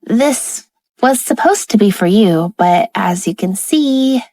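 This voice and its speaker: A woman voicing a cheery, curious young wife with a bright, eager manner in a romance audiobook. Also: medium pitch, animated, slow, no echo.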